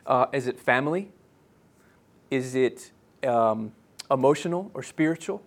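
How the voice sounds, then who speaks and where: A man in his thirties preaching a sermon as pastor, earnest and halting, with many restarts and fillers, dropping soft and slow on key phrases. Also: mid-range voice, lively intonation.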